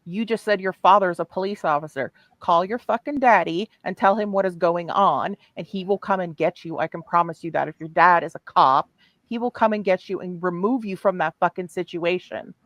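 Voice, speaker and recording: A woman's voice: fairly low pitch, fairly quick, fairly bright tone, dry recording, dull audio. A woman hosting a heated livestream callout, furious and heavily profane.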